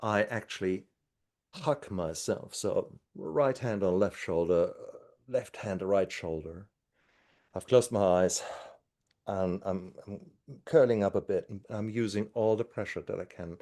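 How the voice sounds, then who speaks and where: A man speaking as a guest doctor in a podcast interview, talking in an earnest, encouraging way. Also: deep voice. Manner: speaks slower when calm.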